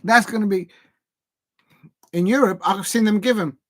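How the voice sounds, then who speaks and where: A man hosting a live football watch-along on his channel, chatty and excitable and jumping to shouts at big chances. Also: sits high, moderate pace, no echo.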